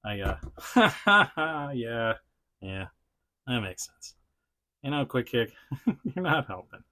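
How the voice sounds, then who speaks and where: A man's voice: medium pitch, very animated, takes it slowly, sharp tone. A man hosting a casual toy review vlog, rambling with lots of laughs and fillers, chatting to the action figure he is showing off. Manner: frequent fillers and self-restarts. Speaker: toy reviewer, channel host. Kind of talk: casual unscripted vlog chat.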